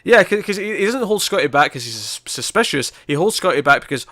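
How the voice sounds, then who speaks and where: A man's voice: high voice, quick pace, few pauses, dry recording. Guy recapping a tv episode, keeps restarting sentences, dry close mic. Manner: animated, stumbling retelling with many restarts. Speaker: podcast co-host. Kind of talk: casual review chat.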